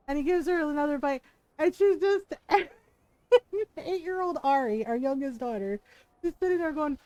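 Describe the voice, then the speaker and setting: High-voiced woman streamer telling rambling stories. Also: lively intonation, moderate pace, darkish tone, no echo. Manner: chatty, rambling, laughs through her stories. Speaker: game streamer. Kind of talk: casual storytelling while streaming a game.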